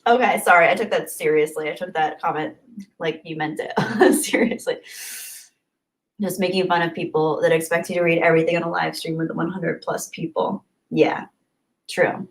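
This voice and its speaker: A woman's voice: low voice, fairly even intonation, normal speed. A woman hosting a YouTube livestream, chatting casually and reading out viewer comments before answering them.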